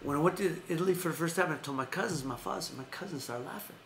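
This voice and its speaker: Rambling man with a higher voice. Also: very fast, a bit bright, echoey room, a little hiss or hum. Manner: rambling, self-correcting, laughs often. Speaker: host. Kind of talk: casual boxing news chat.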